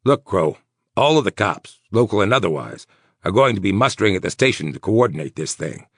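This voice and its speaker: Nervous male mayor, done by a man, raised gravelly voice, insistent rapid fire. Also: lowish voice, big pitch swings, fairly bright tone, no echo, studio quality, voice pushed up, exaggerated voice. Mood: worried. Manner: tense, clipped, insistent. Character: nervous sweating middle-aged male mayor.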